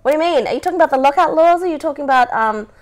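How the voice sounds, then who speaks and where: A woman's voice: high voice, rapid-fire. Chatty woman, rambling. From Australia. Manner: chatty, rambling, laughs a lot. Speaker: podcast host. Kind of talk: casual chat, live stream.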